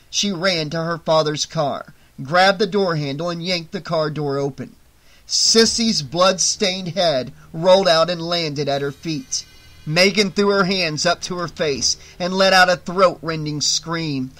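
Bright-voiced male horror audiobook narrator. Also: fairly high pitch, a little slow. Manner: dramatic, tense storytelling.

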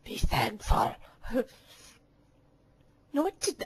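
Young woman, casual voice clips, high voice, swooping pitch, giggly, sweary, teasing. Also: expressive, a little slow, a little hiss or hum. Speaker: voice clip maker. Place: cold room at home. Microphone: handheld mic.

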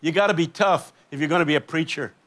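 Brief: older male preacher, high and bright, impassioned storyteller on a festival stage. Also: fast. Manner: impassioned storytelling, rising to emphatic peaks. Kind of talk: sermon.

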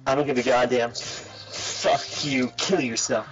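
A man's voice: mid-range voice, steady tone, takes it slowly. A man teasing and cursing crudely while playing a game with friends. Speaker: gaming co-player. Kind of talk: casual gameplay chat. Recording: lo-fi voice chat with game music.

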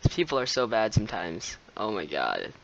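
A young man giving live gameplay commentary, excitable, laughing often and shouting at the players who beat him. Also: fairly low pitch, normal speed, gravelly, dull audio.

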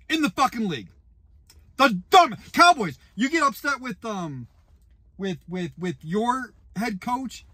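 A man rants furiously to camera as a frustrated fan, swearing and bursting into shouts. His voice sits high and swings wildly in pitch, with a husky edge. The sound is dry and close. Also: no room sound. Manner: furious, profane, ranting with shouted outbursts. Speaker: YouTuber and football fan. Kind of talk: angry fan rant to camera.

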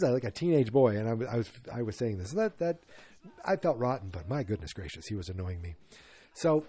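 A man's voice: medium pitch, dark tone, slightly rough. A man hosting a podcast in a rambling, casual chat, full of fillers and restarts. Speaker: podcast host.

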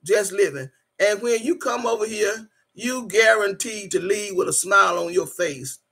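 A woman's voice: mid-range voice, normal speed, a bit bright, breathy edge. A woman hosting a casual livestream. She reads viewer comments aloud, laughs often and calls the viewers "y'all". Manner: urges viewers to like and subscribe. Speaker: channel host.

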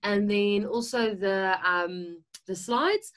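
A woman's voice: medium pitch, slow pace, fairly bright tone. South African woman, webinar presenter, chatty explainer, video call audio. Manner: chatty, with tag questions and fillers. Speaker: nutritionist co-hosting a webinar.

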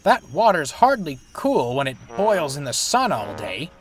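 A man's voice: a little high, wildly swooping pitch, unhurried. A man voicing a vain, sulky male steam engine who complains dramatically.

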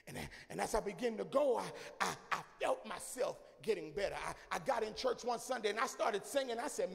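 A man preaching a sermon, moving between shouted sing-song delivery and quieter storytelling. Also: extremely high pitch, moderate pace, gravelly, few pauses. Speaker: church elder preaching. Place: church sanctuary. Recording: live church sound with long reverb and faint music.

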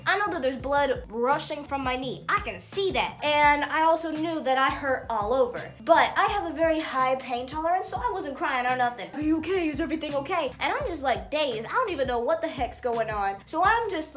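A young woman vlogger telling a personal story in a dramatic, animated way, acting out the voices in it. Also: high-pitched. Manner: dramatic, acts out voices, loud outbursts.

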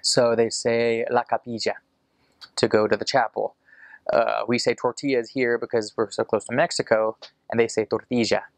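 An American man explaining casually, rambling with fillers and restarts, and slowing down to demonstrate sounds. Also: mid-range voice, flat delivery, creaky, no room sound. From United States. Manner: demonstrates sounds slowly and carefully. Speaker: returned missionary explaining an accent.

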